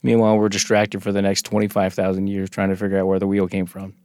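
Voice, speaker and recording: A man with a fairly low voice talks through a casual podcast. He reads from notes in a halting way, keeps restarting his sentences and throws in jokes. His voice is close and dry. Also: completely flat delivery, a little mellow, clear, resonant tone, no echo. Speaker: podcast co-host. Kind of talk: casual conversational podcast chat.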